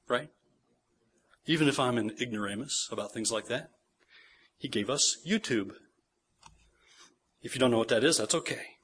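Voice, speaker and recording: A man's voice: medium pitch, fairly bright tone, husky. A man in his forties preaching a sermon, earnest, repeating phrases for emphasis and checking in with listeners. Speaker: pastor.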